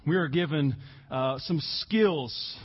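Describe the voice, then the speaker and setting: A man preaching a sermon as pastor, earnest, stressing key words slowly and repeating himself for emphasis. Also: fairly high pitch, slightly rough, muffled recording.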